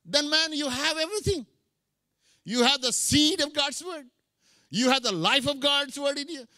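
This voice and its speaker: A man's voice: very high voice, normal speed, sharp tone, no echo, clean studio sound. A middle-aged man preaching a sermon, mixing English with Hindi phrases. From India. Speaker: pastor.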